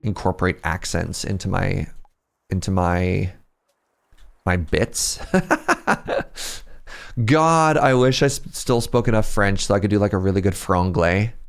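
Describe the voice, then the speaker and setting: A man's voice: low voice, lively intonation, a little slow, gravelly, long pauses. A man with a Canadian Pacific Northwest accent, chatting casually with viewers as he streams a fishing game, rambling and laughing often. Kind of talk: casual livestream chat with viewers.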